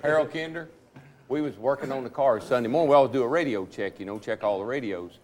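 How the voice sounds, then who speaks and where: A man swaps racing stories at a rapid clip, animated and quick to laugh. He sits at a medium pitch for a man. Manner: fast, animated anecdotes, laughing. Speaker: retired stock car driver. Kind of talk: storytelling at a reunion panel.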